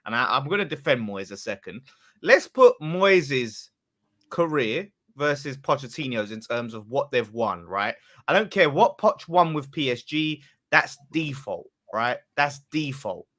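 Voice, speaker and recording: Goading young man, lively pitch. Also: measured pace. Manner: goading, challenging, bursts of loud emphasis. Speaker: football pundit. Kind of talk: heated podcast debate.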